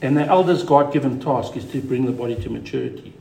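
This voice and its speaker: A man preaching a sermon as pastor, emphatic, repeating key words and dropping to a quiet voice for stress. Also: medium pitch, fast talker, creaky, roomy sound, a little hiss or hum.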